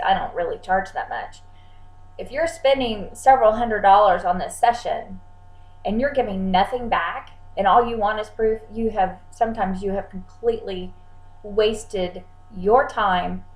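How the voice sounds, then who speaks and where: Woman psychic giving chatty advice, mid-pitched voice, roomy echo. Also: a little mellow. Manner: chatty, repeats words, acts out clients' lines. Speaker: psychic channeler. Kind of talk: casual vlog advice.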